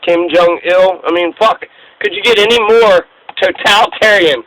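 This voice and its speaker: A man's voice: high-pitched, normal speed, a bit bright, a little hiss or hum, rough recording. A man hosting a casual history talk, speaking in a profane, emphatic rant. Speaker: host.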